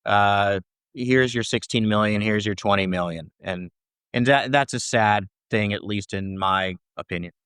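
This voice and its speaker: A man's voice: on the low side, measured pace, fairly bright tone, smooth, dry recording, studio quality. A man answering interview questions as a scholar, talking in long explanations and checking in with "right?" between points. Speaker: First Amendment scholar guest.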